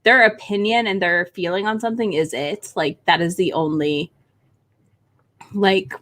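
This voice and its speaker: A woman hosting a casual chat about romance books, excitable and swearing freely as she acts out characters' lines. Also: medium pitch, a little slow. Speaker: book channel host.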